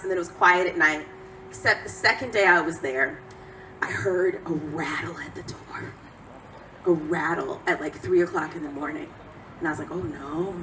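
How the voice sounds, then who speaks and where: A woman performing a stand-up comedy set, animated, jumping to a high excited pitch on her punchlines. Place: comedy club stage. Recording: live club recording from a distance, loud crowd laughter and noise.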